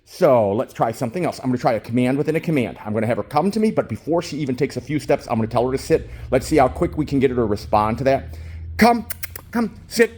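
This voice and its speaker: Man in his fifties, dog trainer, phone in hand, gushing praise, crisp commands, baby talk to the dog. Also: mid-range voice, expressive, very fast, a little mellow. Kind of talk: narrating a dog training session. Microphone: phone held in hand.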